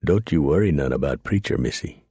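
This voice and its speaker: A man voicing a folksy, rough-talking old frontier trapper in a western audiobook. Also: rumbling low, lively intonation, fairly quick, dark tone, dry recording, clean studio sound, exaggerated voice.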